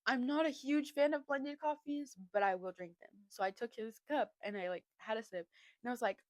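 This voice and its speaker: A young woman hosts a casual podcast and tells a story in a chatty, lively way. Her voice sits a bit high. The sound is close and dry, with no room around it. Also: fairly quick, no echo. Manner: chatty and animated, laughing often, heavy filler "like". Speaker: podcast host.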